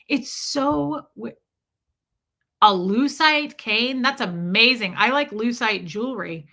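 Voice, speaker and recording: A woman chatting on her livestream, wandering through a story and breaking off to greet viewers by name. Her voice sits a bit high and has a bright, sharp edge. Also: takes it slowly. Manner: rambling, greets chat names mid-story. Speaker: livestream host. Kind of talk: casual livestream chat.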